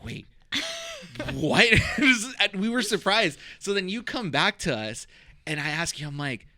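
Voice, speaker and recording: A man's voice: high-pitched, lively intonation, measured pace, sharp tone, dry recording, studio quality. A man co-hosting a podcast, telling a story with laughter in casual chat. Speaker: podcast co-host.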